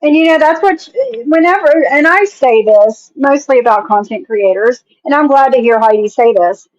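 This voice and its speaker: A woman with a West Virginia country accent speaks in a fairly high voice, blunt and unfiltered as she reacts on a stream and curses without hesitation. The audio is a little muffled and lo-fi. The room adds no echo. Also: animated, moderate pace. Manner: blunt, swears freely, reads comments aloud. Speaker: commentary streamer. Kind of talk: casual reaction commentary.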